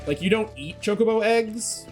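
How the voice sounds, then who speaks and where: A man's voice: sits high, normal speed, soft background music. A joking man streaming a game. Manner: joking asides, laughs easily. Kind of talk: casual game commentary.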